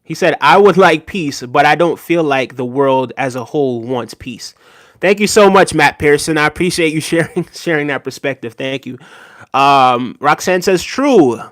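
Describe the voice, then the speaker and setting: On a live stream, a man whose voice sits on the high side and a bit bright reads viewer messages at a moderate pace, animated and earnest in his answers. He frequently finishes with "right?" and names the chatters he thanks. It's casual chat commentary with studio quality and no room sound.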